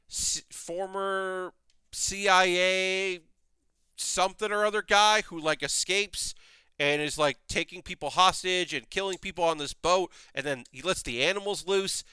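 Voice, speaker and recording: A young man rambling casually while building a model kit on a live stream, with animated asides. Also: on the high side, clean tone, dry recording.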